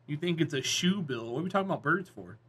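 A man's voice: fairly high pitch, lively intonation, fast talker, fairly bright tone, husky. A man live streaming, chatting casually with his viewers and teasing them with jokes. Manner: joking, teasing, laughs often.

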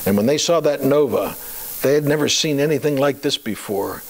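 A man's voice: medium pitch, creaky, low-quality recording. Man preaching a sermon in a conversational way. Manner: conversational preaching with fillers and rhetorical questions; slows to a deliberate cadence when reading scripture. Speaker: pastor.

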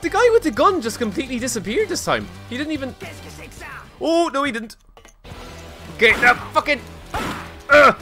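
A man streaming a video game live, reacting excitably and swearing often as he plays and talks to his chat. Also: extremely high pitch, moderate pace, pauses often, faint music behind. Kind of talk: casual live gameplay commentary.

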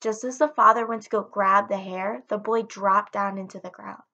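A woman narrating a folktale in a steady, plain storytelling manner. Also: mid-range voice, normal speed, muffled recording.

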